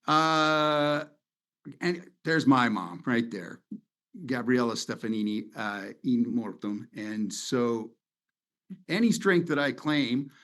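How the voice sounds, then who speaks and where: A man's voice: mid-range voice, lively intonation, slow, fairly bright tone. A middle-aged man hosting a webinar over slides from his home office on a video call, talking in a loose, sentimental, rambling way. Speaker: webinar host. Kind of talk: casual presentation over slides.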